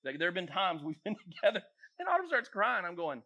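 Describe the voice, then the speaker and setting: A man, a youth pastor, giving a joking, animated talk to teenage girls in a church youth room. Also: sits high, quick pace. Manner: jokey, animated, acts out voices. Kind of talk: casual talk to teens.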